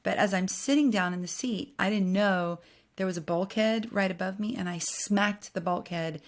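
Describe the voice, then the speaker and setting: A woman, a guest on a podcast, telling funny stories in an animated way and often breaking into laughter. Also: medium pitch, moderate pace. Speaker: podcast guest, church musician. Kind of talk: casual chat, storytelling.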